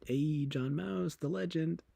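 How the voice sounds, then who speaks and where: A man's voice: on the high side, slow pace, creaky, warm tone, breathy edge, no room sound. A man streaming, talking casually in a sarcastic, mocking and rambling way.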